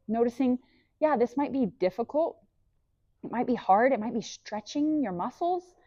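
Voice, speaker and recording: A woman's voice: a little high, no echo, highs cut off. A woman leading a guided breathing lesson, enthusiastic and encouraging, mixing body facts with faith, speaking into a clip-on mic. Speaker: breathwork instructor. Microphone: clip-on microphone.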